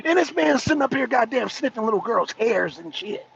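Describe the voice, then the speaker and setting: A man on a political talk show ranting loudly, swearing and repeating himself, sometimes breaking into laughter. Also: very high-pitched, sing-song, fairly quick, vocal fry, slightly rough. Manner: loud, profane, repetitive ranting. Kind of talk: heated political rant. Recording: dull lo-fi stream audio.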